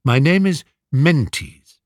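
A courteous older king speaks softly and kindly, in slow, measured phrases, as a male narrator puts him on. The storybook reading sounds dry and close to the mic. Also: on the high side, animated, no room sound, pitched above the performer's own voice. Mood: gentle.

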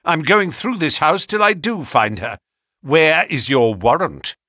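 A man's voice: fairly high pitch, expressive, pushed and bright, no echo, clean studio sound, pitched above the performer's own voice, exaggerated voice. A man doing a firm, commanding detective. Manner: brisk and firm.

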